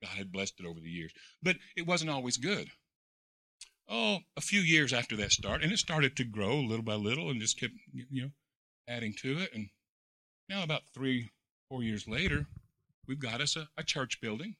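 A pastor preaches a sermon as folksy storytelling, full of repeated words and fillers, swinging from quiet reflection to loud, excited preaching. His voice is medium-pitched at a moderate pace, recorded in studio quality with no room sound.

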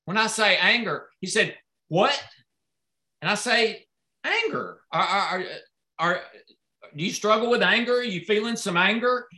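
A man hosting a sales event, telling an animated story and acting out the dialogue with jumps in his voice. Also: high-pitched, moderate pace, long pauses. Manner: excitable, acts out dialogue in raised voices. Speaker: host presenting products. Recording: echoey room.

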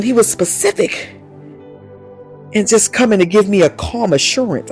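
A woman's voice: mid-range voice, moderate pace, a little mellow. A woman preaching a charismatic sermon, fervent and repetitive, often saying "listen" and "my God", with speech. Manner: fervent, repeats "listen" and "my God", speaks in tongues. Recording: faint music behind.

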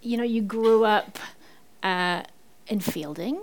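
A woman journalist interviewing an author on stage, prompting him with gentle questions. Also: mid-range voice, takes it slowly, poor audio.

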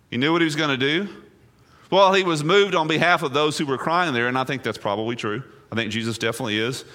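Male pastor, sermon delivery, bright forward tone, throws questions at the congregation, drops low then climbs to emphatic peaks. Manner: rhetorical questions, swinging between hushed and emphatic.

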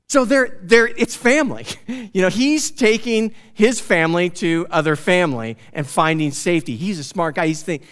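A fairly high-voiced man gives a conversational Bible teaching. He explains the passage with animated asides and questions to his listeners. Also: normal speed.

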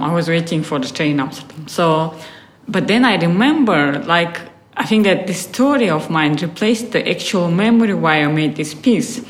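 A woman from Russia, an artist talking reflectively in an interview with many fillers and some frustrated swearing. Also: on the low side. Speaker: artist guest. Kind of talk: casual interview talk. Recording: roomy echo.

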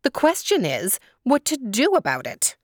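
A woman voicing a plump, fussy old farm woman, indignant and excitable. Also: fairly high pitch, normal speed, no room sound, clean studio sound, pitched above the performer's own voice. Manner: excited, exclamatory calls.

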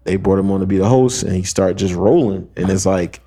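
A young man with a low, dark-toned voice talks briskly as a podcast co-host. He tells a long story in casual slang, acting out quotes and leaning on lots of fillers.

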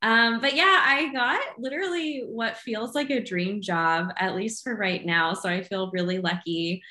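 A woman's voice: mid-range voice, measured pace, pushed and bright, reverberant. A woman co-hosting a podcast in casual chat over a video call, giggly and earnest, talking from home. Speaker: podcast co-host. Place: home in Los Angeles, remote call.

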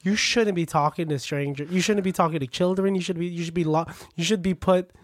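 A woman in casual podcast chat, teasing and quick to laugh. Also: fairly low pitch.

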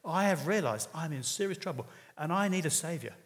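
A man's voice: a little high, lively intonation, brisk. A man preaching a sermon in an earnest, conversational way, with occasional hesitations. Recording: reverberant hall.

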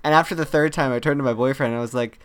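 A man co-hosting a podcast, with a smooth, clear voice of middling pitch. He tells stories in a chatty way and acts out the lines he quotes. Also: racing. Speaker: podcast co-host. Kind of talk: casual chat.

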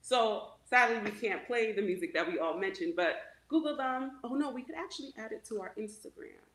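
A woman's voice: on the high side, expressive, fairly quick, a bit bright. A woman co-hosting a casual chat, talking chattily with lots of "like" and fillers. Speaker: co-host. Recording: echoey room.

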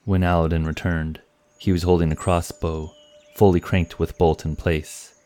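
Deep-voiced male audiobook narrator. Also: level tone, dark tone. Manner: measured storytelling.

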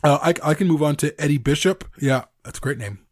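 A man's voice: on the high side, fairly quick, darkish tone, no room sound, clean studio sound. A man co-hosting a casual podcast, chatting and reading listener stories aloud. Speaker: podcast co-host. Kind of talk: casual fan podcast chat.

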